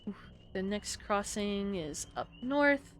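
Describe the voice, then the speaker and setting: A young adult woman streaming a game live, chatting and muttering to herself with sudden high outbursts. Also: lively intonation, slow, slight background noise. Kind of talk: live gameplay commentary.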